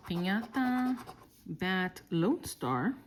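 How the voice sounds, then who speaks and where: A woman from Texas calmly murmuring through lottery scratch-off tickets, slowly listing each symbol as she checks. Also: medium pitch, a little hiss or hum. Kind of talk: calm scratch-off play-by-play.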